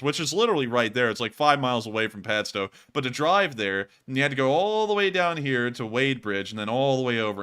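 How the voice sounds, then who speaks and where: Bright-voiced joking male stream host. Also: mid-range voice, clear, resonant tone. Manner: jokey, loose and chatty. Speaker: host of a live war-news stream. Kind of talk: casual live-stream commentary.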